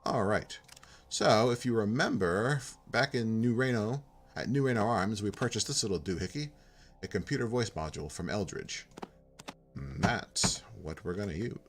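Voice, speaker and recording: A man's voice: fairly low pitch, normal speed, breathy edge. A man giving casual, rambling commentary on a game playthrough and reading its text aloud. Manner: relaxed, rambling, reads on-screen text aloud. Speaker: game streamer.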